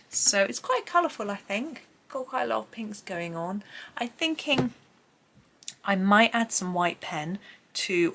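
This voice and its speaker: Chatting through a colouring tutorial, a middle-aged English woman with a Gloucestershire accent wanders off on tangents, thinking aloud and amusing herself as she works. Her fairly low, slightly bright voice is captured by a camera mic on a tripod.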